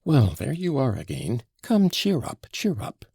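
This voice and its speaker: A man's voice: mid-range voice, very animated, gravelly, a little mellow, slightly rough, no room sound, clean studio sound, heavily acted. A man reading an audiobook, voicing a teasing, imperious young woman who scolds insistently. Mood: coaxing. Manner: insistent, reproachful, quick to scold.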